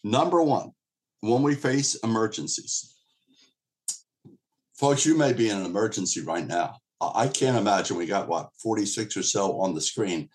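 Low-voiced man teaching scripture. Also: animated, moderate pace, darkish tone. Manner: conversational, repeats words and restarts, addresses listeners as folks. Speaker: pastor. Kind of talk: casual Bible teaching to an online group. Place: streamed church teaching session.

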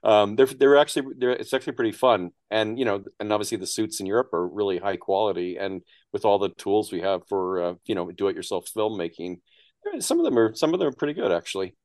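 A man's voice: on the low side, quick pace, a little mellow. A man speaking as a guest in casual chat, thoughtful and hesitant.

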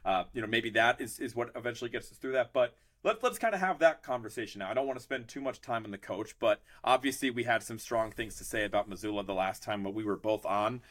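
Fast-talking male podcast host. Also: medium pitch. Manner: animated, rambling with many restarts. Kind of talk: casual sports chat.

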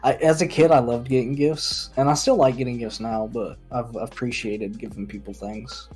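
A man's voice: mid-range voice, steady tone, moderate pace, a little mellow, soft background music. A man co-hosting a casual group chat, laid-back and laughing often. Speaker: co-host.

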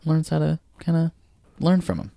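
A man's voice: fairly high pitch, lively intonation, moderate pace, gravelly, dark tone, no echo, clean studio sound. A man co-hosting a casual podcast, laid-back and slangy, swearing and laughing a lot. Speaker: podcast co-host.

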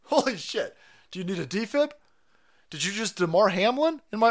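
A man's voice: sits high, animated, moderate pace. Foul-mouthed, mocking male stream host. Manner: crude, mocking, laughs often. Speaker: livestream host. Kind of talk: profane political rant stream.

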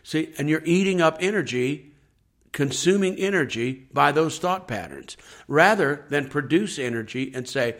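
A man's voice: fairly high pitch, lively intonation, moderate pace, fairly bright tone. A man who is a pastor, talking earnestly on a faith podcast, repeating his points and acting out people's complaints. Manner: earnest, repetitive preaching with acted-out complaining quotes.

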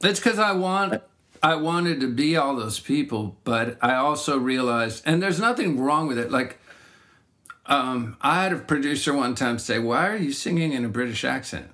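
Middle-aged male songwriter, reflective and rambling, average pitch, talks in loose casual chat. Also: expressive, normal speed, sharp tone. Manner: reflective, rambling, frequent restarts. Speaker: singer-songwriter. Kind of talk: casual conversation.

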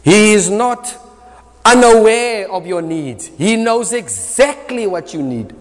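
Emphatic South African preacher in a hall. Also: male voice, sits high, expressive, slow. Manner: emphatic, switches into Afrikaans phrases. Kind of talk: sermon. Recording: reverberant hall.

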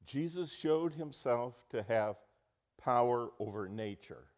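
Middle-aged male pastor, lively storytelling preacher, plain mid-range voice. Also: medium pitch, slow. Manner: storytelling, animated, acts out quotes loudly. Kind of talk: sermon.

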